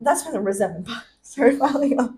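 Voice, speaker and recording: A woman in her twenties co-hosting a podcast, telling stories in an animated way with frequent laughter. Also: fairly high pitch, moderate pace. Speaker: podcast co-host. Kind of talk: casual chat.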